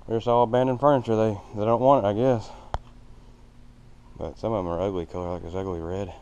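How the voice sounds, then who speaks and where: Man, deep low voice, casual rambling tour, plain everyday talk, faint hum in the background. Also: steady tone, brisk, darkish tone, dull audio. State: out of breath. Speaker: vlogger touring a building. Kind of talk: casual walkthrough narration. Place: large empty old factory, indoors.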